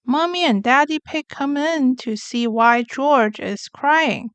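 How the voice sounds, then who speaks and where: Slow, high-voiced woman reading a children's book. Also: dry recording. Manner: slow, clear, gentle narration for children. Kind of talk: read-aloud picture book narration.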